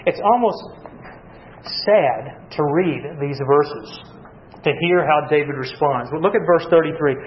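A man's voice: a little high, unhurried, roomy sound, slight background noise. Lo-fi recording of a male Bible teacher. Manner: reads scripture aloud with dramatic emphasis, repeats words. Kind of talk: Bible study teaching with class questions. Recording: muffled lo-fi recording.

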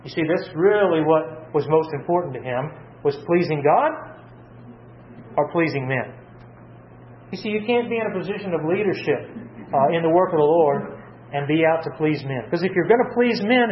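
A man delivers a sermon in a high voice, stopping to ask his listeners questions and then answering them. The recording is dull and lo-fi, with faint ambient noise behind him. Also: animated, moderate pace. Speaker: pastor.

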